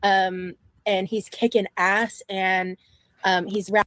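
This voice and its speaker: A woman's voice: medium pitch, little pitch movement, slow pace, a bit bright, dry recording. A woman streamer chatting casually and loosely, laughing now and then. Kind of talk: casual chat.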